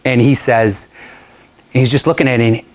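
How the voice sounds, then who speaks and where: A man giving a talk to an audience, telling a story in a chatty, animated way and laughing often. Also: mid-range voice, normal speed. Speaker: guest speaker.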